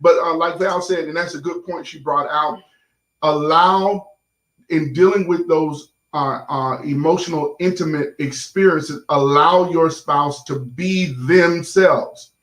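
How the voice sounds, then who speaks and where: A man's voice: fairly high pitch, unhurried, fairly bright tone. Folksy pastor man in an echoey room. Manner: folksy, addresses the audience as y'all, lots of fillers. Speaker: pastor and show host. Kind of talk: casual sermon-like talk to viewers.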